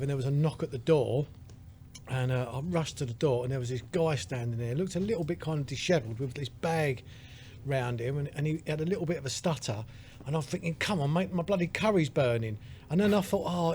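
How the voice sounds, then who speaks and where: A man's voice: a little high, a little mellow. A man telling a rambling story in casual pub-style podcast chat. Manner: chatty storyteller, laughs a lot. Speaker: podcast co-host. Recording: faint background noise.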